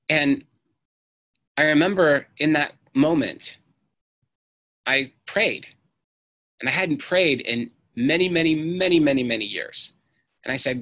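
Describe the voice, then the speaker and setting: A man's voice: medium pitch, sharp tone. A middle-aged man giving an earnest storytelling talk on stage, acting out the voices he quotes. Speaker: speaker.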